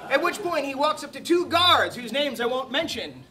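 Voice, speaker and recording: Animated man telling a comic tale. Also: very high voice, normal speed, hardly any pauses. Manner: animated, laughing, mock-heroic. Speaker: bard telling a tale at a feast. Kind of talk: comic oral storytelling to a live audience. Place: feast hall at a medieval reenactment event. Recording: distant mic amid loud crowd. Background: audience laughter and chatter.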